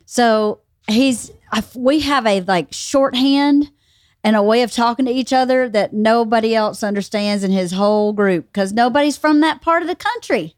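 Woman from Georgia, somewhat high voice, lively storyteller; dry recording. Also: normal speed, no echo. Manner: chatty, animated storytelling. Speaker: podcast guest, host's wife. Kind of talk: casual chat.

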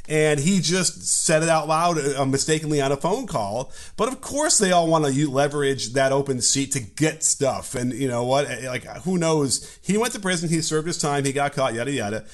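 A man's voice: on the high side, animated, moderate pace, few pauses. Joking male co-host from Chicago. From Chicago, USA. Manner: joking, rambling with fillers. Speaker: podcast co-host. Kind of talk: casual political chat.

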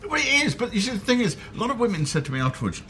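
This London host keeps things casual at a restaurant table, spinning self-deprecating, wry anecdotes while cutlery and dishes clatter around him. He speaks high-pitched and very animated, rapid-fire, his tone pushed and bright. A little hiss or hum sits under the recording.

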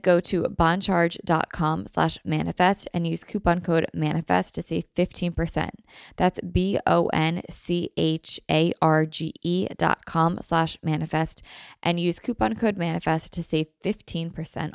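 Young woman podcast host, gravelly low-ish voice, dry close sound, chatty and rambling. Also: no echo. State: morning voice. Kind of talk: casual chat podcast. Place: her apartment.

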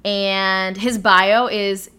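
A woman co-hosting a podcast in casual chat, giggly and quick to exclaim. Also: mid-range voice, little pitch movement, sharp tone, clean tone. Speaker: podcast co-host.

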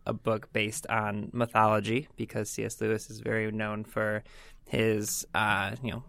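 Casual book chat, chatty, teasing, fillers, mid pitch, dry sound. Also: monotone, unhurried, creaky, fairly bright tone, dry recording. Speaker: book discussion co-host.

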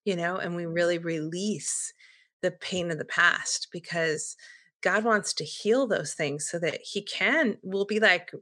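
Woman podcast guest, bright tone, lower-pitched, earnest and reflective. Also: measured pace. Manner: earnest, reflective, many fillers. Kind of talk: casual faith-based chat.

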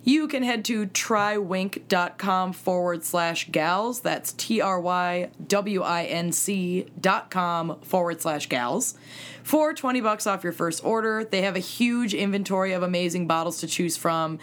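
A woman co-hosting a podcast with friends, quick to laugh and throw in exaggerated jokes. Her voice sits a little low for a woman. She slips easily into reading an ad. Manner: laughing, jokey, exaggerated asides. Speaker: podcast co-host. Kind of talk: casual chat and ad read.

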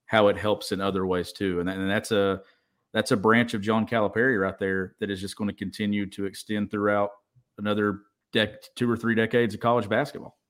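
A man's voice: fairly low pitch, flat delivery, a little fast. A man co-hosting a sports podcast, talking in a reflective, conversational way. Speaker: podcast co-host. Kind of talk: casual sports talk.

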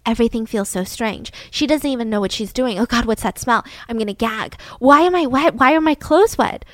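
A woman voicing a frantic, chatty suburban mom who talks fast and flustered, in a true-crime podcast retelling. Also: fairly high pitch, a bit bright, no room sound, natural voice. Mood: panicked.

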